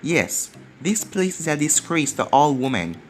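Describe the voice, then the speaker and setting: A man's voice: a little high, big pitch swings, unhurried, a little hiss or hum. A man voicing a proud, scheming young woman ninja with a sly, self-righteous manner, over faint music.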